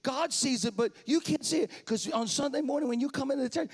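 Male pastor, high-pitched voice, impassioned sermon in church, loud highs and hushed lows. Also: lively intonation, fairly quick, creaky, hardly any pauses. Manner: impassioned, swings from shouting praise to quiet confession. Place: church sanctuary.

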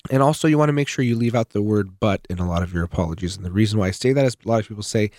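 A man with a lowish voice talks through relationship advice in an earnest, explanatory way. He speaks off the cuff and leans hard on key words. The recording is dry and close, with no room sound. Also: racing, hardly any pauses, darkish tone, no room sound. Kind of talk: unscripted advice talk.

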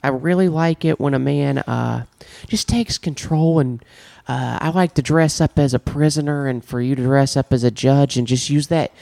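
A man doing a crude parody impression of a lewd, bumbling middle-aged male prosecutor, speaking slowly and drawing out his words. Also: mid-range voice, vocal fry, warm tone, dry recording, lightly acted. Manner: slow, drawn-out, crude parody delivery.

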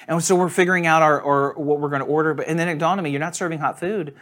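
A male pastor delivers a sermon in a casual, storytelling manner, sitting slightly high in his range. He laughs easily at his own anecdotes. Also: steady tone, fast, fairly bright tone. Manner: conversational storytelling, laughs at himself. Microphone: on camera.

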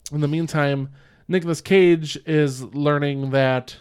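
This podcast host's voice is fairly high yet darkish and smooth, with fairly even intonation and a slightly slow pace. In a casual movie recap, he rambles with plenty of fillers and restarts while performing lines from the plot.

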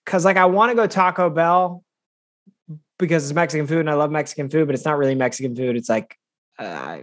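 A man's voice: fairly high pitch, a bit bright. A man co-hosting a podcast in casual chat, enthusiastic and slangy, talking about his picks. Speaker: podcast co-host.

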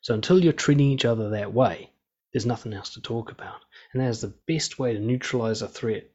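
Man, mid-pitched, laid-back and blunt, swears freely, steady calm delivery; slightly muffled recording. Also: brisk. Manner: frank and profane, calm and steady. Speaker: speaker on relationships and conflict. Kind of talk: casual monologue. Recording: slightly dull lo-fi sound.

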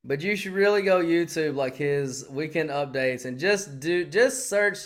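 A man's voice: fairly high pitch, measured pace. A man around forty, a podcast co-host, telling stories in profane casual chat and acting out the people he quotes. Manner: animated storytelling, acting out quotes.

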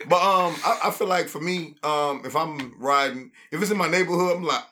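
A man's voice: a little high, a little fast, pushed and bright, slight background noise. A man co-hosting a podcast in casual chat, joking and stumbling over the starts of his lines. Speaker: podcast co-host.

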